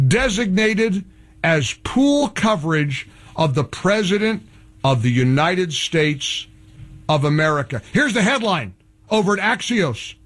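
A man's voice: high voice, fairly bright tone. A man hosting a talk radio show, delivering political commentary in a heavily sarcastic, mocking manner.

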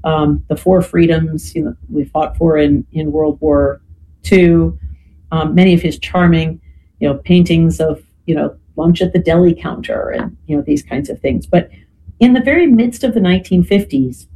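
Measured explainer, mellow tone, frequent "right?" asides, faint background hiss. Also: mid-range voice, poor audio. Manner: measured, lecturing, often checks in with "right?" and "you know". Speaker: podcast guest. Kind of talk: explanatory history talk.

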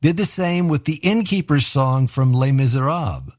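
A man's voice: mid-range voice, lively intonation, moderate pace, few pauses, darkish tone, no room sound, studio quality. A man hosting a call-in radio show, reading listener messages and encouraging callers in a reflective way. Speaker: radio host. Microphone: studio microphone.

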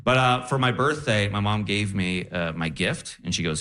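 A young man doing a stand-up set on a live stage, telling stories in a lively, animated way. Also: fairly low pitch, normal speed. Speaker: stand-up comedian. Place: live comedy stage with audience.

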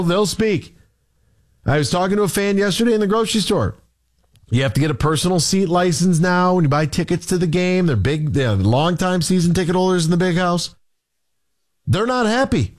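A fired-up male sports talk host, his voice high for a man and swinging widely as he vents. He fires off rhetorical questions and repeats his points with exasperation. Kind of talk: heated opinion rant.

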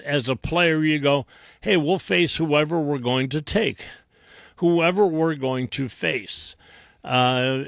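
An older man giving a casual opinion monologue, rambling and halting with many fillers and restarts. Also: fairly high pitch, a bit bright, no room sound, clean studio sound. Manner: mocking whiny voices when quoting others. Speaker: political commentator.

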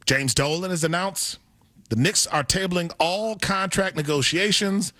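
Male sports radio host, animated and self-deprecating, forceful tone, dry studio sound. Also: high voice, unhurried, dry recording. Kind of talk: casual sports talk.

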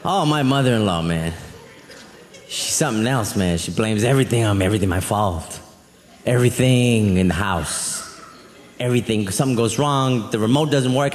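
Animated, exasperated stand-up comedian. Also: male voice, medium pitch, fairly quick. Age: adult. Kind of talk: live stand-up routine. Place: comedy club stage. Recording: reverberant hall, faint audience.

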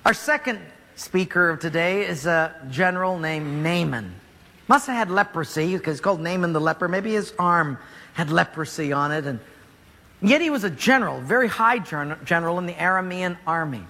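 A man preaching a sermon, retelling a story in a joking, animated way, in a church hall. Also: on the high side, moderate pace.

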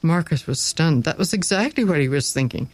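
A man narrating a story aloud, expressive and dramatic, with slow pauses for effect. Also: a little high, no echo, rough recording.

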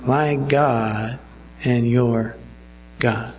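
A man's voice: mid-range voice, steady tone, drawn-out words, slight background noise, rough recording. A male pastor preaching a sermon earnestly and checking in with his listeners.

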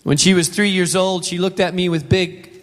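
High-voiced pastor preaching in a reverberant hall. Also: male voice, steady tone, moderate pace. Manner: conversational, acts out voices in anecdotes. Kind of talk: sermon with personal storytelling. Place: church auditorium.

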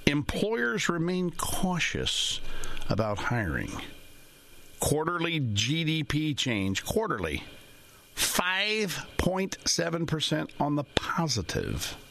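Man, gravelly voice, folksy, rambling, chuckles often, casual monologue, financial services commentator. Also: on the high side, big pitch swings, slow pace, sharp tone, slight background noise.

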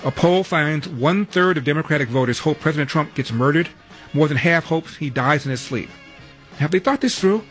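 A man's voice: a little high, lively intonation, a little fast, soft background music. A man hosting a talk radio show in a studio, rattling through headlines with wry, sarcastic asides. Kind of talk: talk radio news rundown and monologue.

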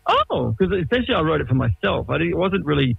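A man's voice: on the high side, lively intonation, rapid-fire, creaky, breathy edge, dry recording, narrow, tinny audio. An Australian man in his late forties, a musician talking casually in an interview, rambling and often restarting his sentences. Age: 40s. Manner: rambling, self-interrupting, laid-back. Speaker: musician guest.

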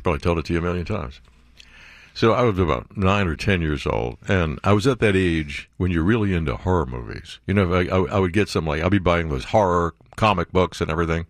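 A man's voice: deep voice, expressive, a little fast, dry recording, studio quality. A man, a radio host telling a rambling anecdote. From New York. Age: 70s. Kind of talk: casual storytelling on talk radio.

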